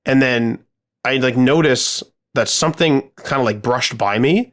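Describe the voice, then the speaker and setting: Man, podcast co-host, casual chat, cursing a lot, rambling, mid-pitched voice. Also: a little slow. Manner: profane, rambling storytelling full of fillers.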